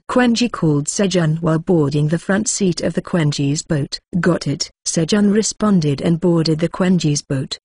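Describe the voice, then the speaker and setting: A woman narrating a web novel audiobook in an even, steady reading tone. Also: lowish voice, breathy edge, no echo, studio quality.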